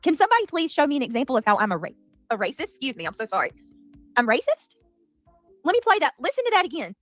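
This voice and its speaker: A woman's voice: sits high, wildly swooping pitch, racing, a bit bright, no echo, soft background music. A woman hosting a commentary livestream, talking in an indignant, defensive and emphatic way. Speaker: livestream host.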